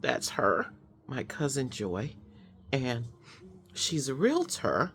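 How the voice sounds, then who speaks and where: A woman's voice: extremely low pitch, wildly swooping pitch, slow, fairly bright tone, a little hiss or hum. A woman hosting a personal vlog, speaking in an effusive, emotional way with many fillers. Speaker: host. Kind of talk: heartfelt personal vlog chat.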